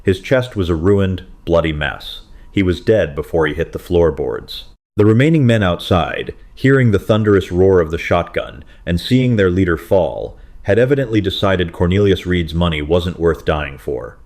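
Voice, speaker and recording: A man narrating a dramatic western romance story in a steady, scripted storytelling manner. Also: low-pitched, normal speed, few pauses.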